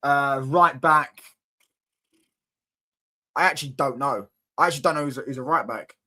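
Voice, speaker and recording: A man's voice: medium pitch, moderate pace, sharp tone. A young man, hosting a casual football live stream, bantering with viewer comments and repeating himself. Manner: banter-filled, repetitive, keeps asking if you get what he's saying. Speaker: football watchalong host.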